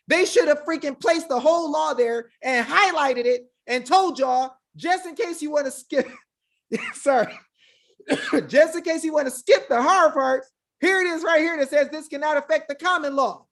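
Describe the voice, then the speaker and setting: Fiery woman, high voice, preachy monologue to viewers, rapid rhetorical questions, says y'all. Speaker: online legal rights commentator.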